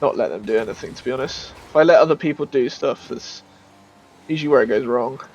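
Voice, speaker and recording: A man giving casual gameplay commentary as a streamer, chatty and self-mocking, with bursts of excited shouting. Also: mid-range voice, quick pace, dull audio.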